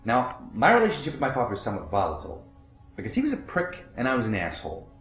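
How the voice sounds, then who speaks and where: A man's voice: medium pitch, huge pitch swings, rapid-fire, a bit bright, roomy sound, soft background music. An actor playing a blunt, profane middle-aged butcher, telling his story in a theatrical monologue. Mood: bitter. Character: brash foul-mouthed middle-aged male butcher. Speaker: actor in a one-man stage monologue. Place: theater stage.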